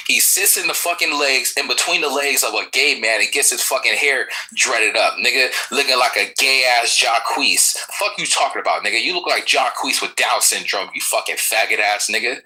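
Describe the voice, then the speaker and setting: A man's voice: mid-range voice, pushed and bright, rough recording. A man trash-talking a rival in an online audio chat room, aggressive, profane and threatening.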